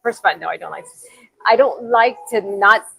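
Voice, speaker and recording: A woman's voice: medium pitch, moderate pace, creaky, bright, forceful tone, husky, low-quality recording. A woman co-hosting a live show, chatting eagerly and gushing, often trailing off mid-sentence. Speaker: co-host. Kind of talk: casual live show chat.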